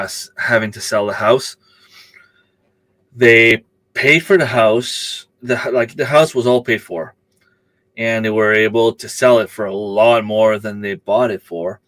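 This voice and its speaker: Man, livestream host, rambling casual chat, fairly low voice, dry close sound. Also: fairly bright tone, no echo. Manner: rambling, answers chat comments, frequent fillers. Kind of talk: casual live chat with viewers.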